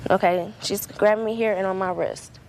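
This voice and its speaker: A woman's voice: mid-range voice, steady tone, moderate pace, a little mellow, slight background noise, rough recording. A young woman testifying as a defendant in court, telling her story in a rambling way with many fillers.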